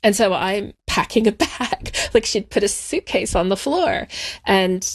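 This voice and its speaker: A woman speaking in an interview, recalling her past at an unhurried, thoughtful pace. Her voice sits at an ordinary middle pitch. She slows down and lets the heavier moments settle. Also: expressive, breathy edge. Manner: measured, reflective storytelling, slowing on painful moments. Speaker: interview guest. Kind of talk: personal recollection in interview.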